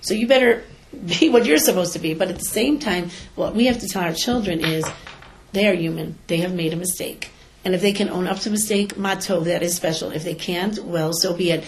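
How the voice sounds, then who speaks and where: Animated woman teacher telling stories. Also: lowish voice, brisk, slight background noise. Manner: animated, tells stories and acts out quotes. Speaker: teacher and school educator giving a talk. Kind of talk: lecture to parents with stories.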